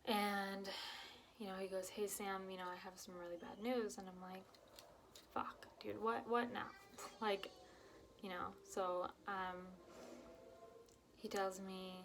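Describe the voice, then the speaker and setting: Young woman, mid-pitch, raw and halting personal storyteller, slips into whispers, faint background noise. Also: a bit bright. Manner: emotional, halting, many fillers and restarts; drops to whispers at painful moments. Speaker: vlogger telling her own story.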